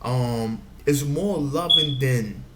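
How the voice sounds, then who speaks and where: A man's voice: medium pitch, slow pace. Rambling man in an echoey room. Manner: meandering, repeats himself, says "you know what I'm saying" often. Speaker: vlogger giving advice. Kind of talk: rambling casual monologue. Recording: echoey room with faint background noise.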